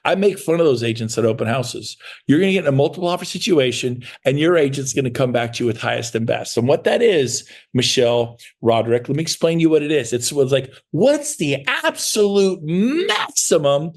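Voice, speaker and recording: Gravelly, emphatic middle-aged salesman. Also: mid-range voice. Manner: emphatic, repetitive, fast-talking salesman. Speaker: real estate sales trainer. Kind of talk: motivational sales training talk.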